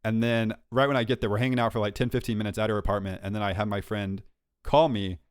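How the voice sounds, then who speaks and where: A young man co-hosting a podcast, telling a story in a lively, self-mocking way and laughing often. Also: on the low side, quick pace, smooth, no echo, clean studio sound. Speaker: podcast co-host. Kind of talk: casual chat, storytelling.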